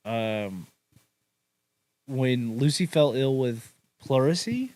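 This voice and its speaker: A man's voice: mid-range voice, expressive, slow pace, darkish tone, low-quality recording. A young man telling a ghost story to a friend on a podcast, in a laid-back and crude way with lots of swearing and filler words. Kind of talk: casual crude storytelling chat.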